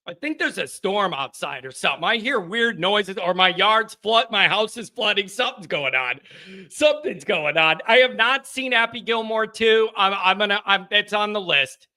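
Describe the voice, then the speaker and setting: A man's voice: high voice, normal speed, pushed and bright. A man hosting a live sports call-in stream, chatting casually from a home studio, rambling and joking with his chat viewers.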